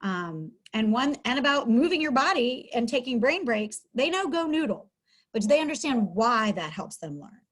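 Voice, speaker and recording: A woman's voice: on the high side, big pitch swings, normal speed, fairly bright tone. A middle-aged woman, a school counselor, giving an upbeat, chatty webinar lesson from home over a video call, with many fillers. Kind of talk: webinar teaching talk.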